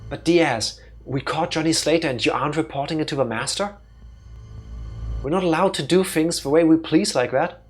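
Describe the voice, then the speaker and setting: A man reading a gentle worried female hybrid. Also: a little high, moderate pace, slightly rough, faint music behind, pitched above the performer's own voice.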